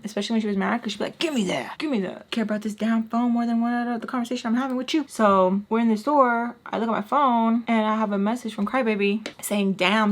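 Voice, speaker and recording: Sassy young woman telling a story. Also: medium pitch. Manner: animated, sassy, acts out quotes with asides. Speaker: storytime vlogger. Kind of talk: casual storytelling while doing makeup.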